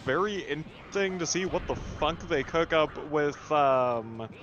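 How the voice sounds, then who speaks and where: Slow, meandering young man. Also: fairly high pitch, expressive, a bit bright, dull audio, slight background noise. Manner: meandering, filler-heavy, swears casually. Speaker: podcast co-host. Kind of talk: casual chat.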